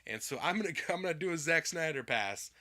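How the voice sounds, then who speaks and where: A man's voice: on the high side, expressive, fast, pushed and bright. A man co-hosting a casual podcast chat, rambling with many fillers and restarts and laughing often. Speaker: podcast co-host.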